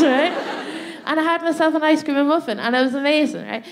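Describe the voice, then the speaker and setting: A woman's voice: high voice, quick pace. An Irish woman co-hosting a live comedy show, telling a story on a theatre stage with a chatty manner, laughing often and asking "right?" as she goes. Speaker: comedy podcast co-host.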